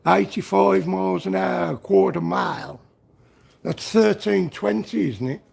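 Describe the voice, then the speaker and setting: A man's voice: high-pitched, measured pace, gravelly, darkish tone, breathy edge. A man from Liverpool hosting a livestream from a garage workshop, joking with the chat and breaking into bits of songs. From Liverpool, England. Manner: jokey, breaks into snatches of song. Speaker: livestream host reading chat.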